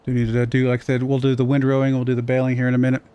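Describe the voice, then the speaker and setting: A man's voice: mid-range voice, completely flat delivery, racing, mellow, smooth. A man with a slight Southern US accent, chatting loosely and chuckling while streaming a farming game. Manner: chatty, rambling, chuckles often. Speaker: livestream gamer. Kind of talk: casual livestream commentary.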